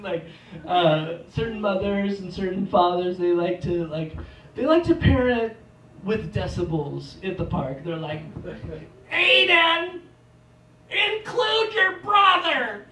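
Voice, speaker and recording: A man doing a stand-up comedy set on a theater stage, rambling and self-deprecating, with sudden loud outbursts. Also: sits high, expressive, a little slow, slight background noise. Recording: echoey theater, mic from a distance.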